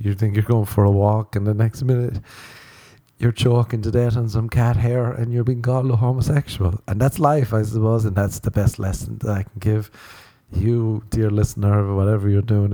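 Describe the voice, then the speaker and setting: A man's voice: fairly low pitch, dark tone. A young man hosting a solo comedy podcast, telling a rambling, profane story and laughing as he goes. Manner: rambling, profane, laughs through his own stories. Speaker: podcast host.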